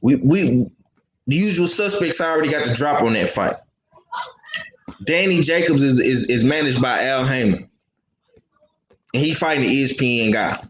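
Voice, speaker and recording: A man hosting casual boxing talk, animated and slangy, who repeats himself as he talks. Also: medium pitch, moderate pace, long pauses. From Houston. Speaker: boxing podcast host. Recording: echoey room with faint noise.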